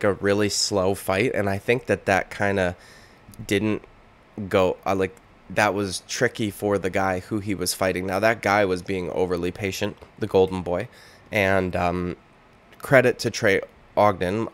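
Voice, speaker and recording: A man with a deep, low-pitched voice talks through his fight predictions in a loose, offhand ramble. He swears freely and keeps stalling on fillers as he thinks out loud. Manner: rambling, profane, filler-heavy.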